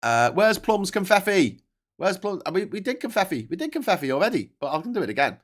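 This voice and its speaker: A man's voice: high-pitched, sing-song, fast. A man with a posh Scouse accent hosting a live political stream, talking casually with lots of swearing and restarts while he reads out and answers chat messages. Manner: rambling, sweary, stop-start with many restarts. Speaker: political livestream host.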